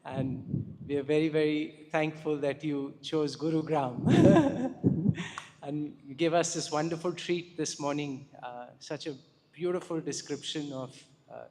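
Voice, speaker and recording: A man's voice: on the high side, darkish tone. A man offering effusive, grateful thanks to a visiting speaker, laughing between phrases. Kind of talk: gracious thanks. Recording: long hall reverb.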